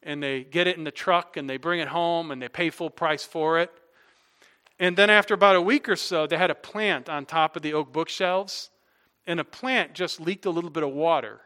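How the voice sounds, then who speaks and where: Bright-voiced male pastor preaching. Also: on the high side, normal speed, clean tone. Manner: illustrative storytelling and emphatic repetition, closing in prayer. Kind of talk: sermon.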